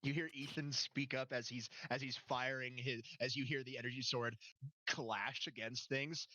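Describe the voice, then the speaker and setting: A man narrating as game master of a tabletop game, lively and swearing freely. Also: medium pitch, normal speed, dry recording, muffled recording. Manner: lively, swearing, laughs often.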